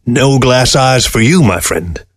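A man voicing an older male taxidermist, proud and stubborn, speaking in a measured, earnest way. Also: mid-range voice, lively intonation, breathy edge, dry recording, voice pushed up.

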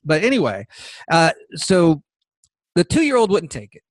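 An American man delivers an opinion monologue on his podcast, sounding animated and sarcastic and repeating phrases to hammer his points home. His voice sits high for a man and is unhurried, and the recording is dry and close, with no room sound or echo.

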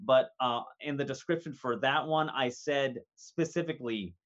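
A man in casual chat, halting with fillers and restarts, laughing often. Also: medium pitch, fairly bright tone, muffled recording.

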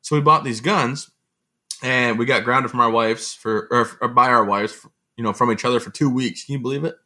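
Bright-voiced man telling stories. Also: medium pitch, moderate pace. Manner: lively, self-mocking, often laughing and acting out quotes. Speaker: guest, motivational speaker. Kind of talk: casual anecdotal storytelling.

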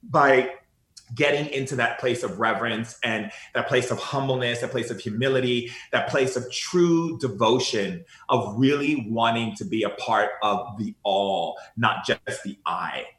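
A man talking earnestly in a spiritual conversation, telling stories with animated repetition. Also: mid-range voice, unhurried, roomy sound. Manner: earnest, animated storytelling, repeats phrases.

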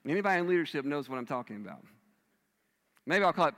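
A male pastor delivering a sermon with a bright, forceful voice pitched a little high. He swings between loud emphatic bursts and hushed lines, and the sound rings with the long reverb of a large church hall. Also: expressive, quick pace.

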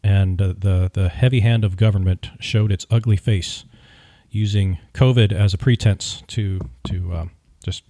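A man hosts a podcast and tells a story in an opinionated, wry, animated way. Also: low-pitched, a little slow, dry recording, clean studio sound. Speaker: podcast host. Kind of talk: casual storytelling.

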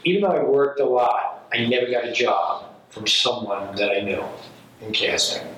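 A man's voice: medium pitch, moderate pace, recorded from a distance, a little hiss or hum. Rambling man in an echoey room. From New York. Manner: rambling, animated storyteller, acts out quotes. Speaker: working actor, guest. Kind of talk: casual conversation. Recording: echoey room from off mic, faint ambience.

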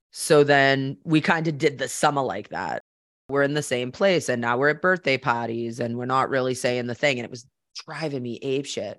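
A woman's voice: extremely low pitch, normal speed, dry recording, studio quality. Candid woman telling a personal story. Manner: candid and conversational, with casual swearing; reflective and earnest when drawing lessons. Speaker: podcast host.

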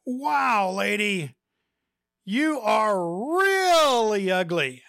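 A man voicing a rude, wisecracking pet-shop parrot that hurls brash insults in a high, squawky voice. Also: very animated, very slow, creaky, bright, forceful tone, no echo, studio quality, exaggerated voice. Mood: brash taunting.

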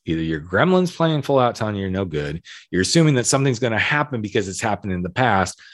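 A man's voice: on the low side, very animated, fast talker, dry recording, clean studio sound. A man in his forties giving a frank, emphatic self-help monologue as a podcast host, swearing casually as he talks.

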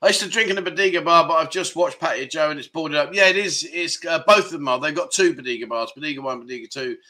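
A man's voice: fairly high pitch, fast talker, pushed and bright. A man hosting a casual livestream chat show from his phone, rambling and reading out viewer comments. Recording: live stream from a mobile phone.

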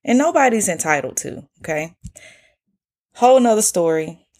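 A woman's voice: medium pitch, animated, normal speed, darkish tone. A young woman with an Atlanta Southern accent, hosting a podcast and telling travel stories in a candid, slangy way with plenty of swearing. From United States. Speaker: podcast host. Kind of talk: casual solo podcast storytelling.

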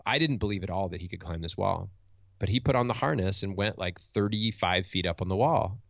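Middle-aged male coach, low gravelly voice, reflective and earnest, dry lo-fi sound. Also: fairly quick, fairly bright tone, no echo. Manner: reflective, earnest, with frequent restarts. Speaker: motivational speaker and coach. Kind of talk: storytelling in conversation. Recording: dull lo-fi dry recording.

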